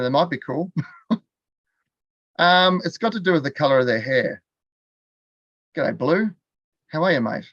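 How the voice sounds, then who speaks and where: A medium-pitched, slightly bright voice comes from an Australian man teaching a live online class at his computer as a continuing education teacher. Chatty and quick to laugh, he quizzes viewers in the chat, and the recording is dry and lo-fi.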